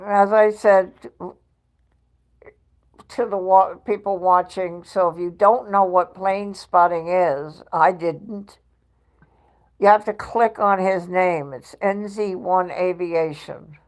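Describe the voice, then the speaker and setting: A woman's voice: fairly low pitch, steady tone, slow pace. A woman hosting a casual home livestream, chatty and laughing often as she reads her chat aloud. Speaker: livestream host. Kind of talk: casual live-stream chat.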